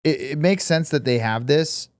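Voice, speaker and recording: A man's voice: fairly high pitch, normal speed, dry recording. A man co-hosting a podcast, chatting casually in a rambling way with heavy swearing. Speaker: podcast co-host. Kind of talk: casual chat.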